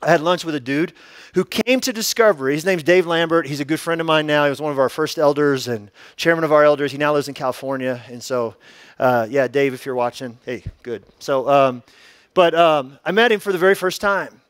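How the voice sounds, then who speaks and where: A pastor with a high-pitched male voice delivers a sermon in an easygoing, joking manner. He keeps asking rhetorical questions and stretches key words for emphasis. The sound is dry and close, with no room echo. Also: a little fast, clear, resonant tone.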